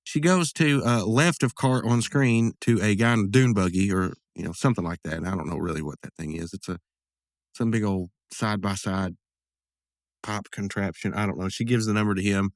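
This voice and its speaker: Podcast host, male, low voice, casual recap full of "uh"s and tangents, dry close sound. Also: a little fast, no echo. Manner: rambling, full of fillers and asides.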